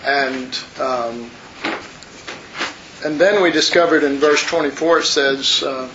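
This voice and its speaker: A man's voice: medium pitch, takes it slowly, long pauses, pushed and bright. A man teaching a Bible study in an earnest, rambling, conversational way, talking to his listeners as folks. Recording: muffled lo-fi recording with faint hiss.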